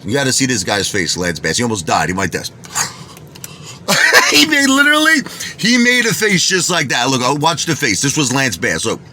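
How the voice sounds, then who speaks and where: This vlogger from Bensonhurst talks with a Brooklyn New York accent, animated and full of street talk as he tells a boastful story. He keeps swearing that he doesn't lie. His pitch is medium, with slight background noise.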